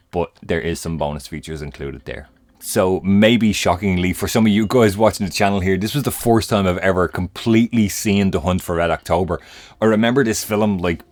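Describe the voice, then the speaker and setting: A man's voice: sits low, no room sound. A man hosting his own channel, giving a casual spoken review of a home-video disc and chatting to his viewers, whom he keeps calling "guys". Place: room at home.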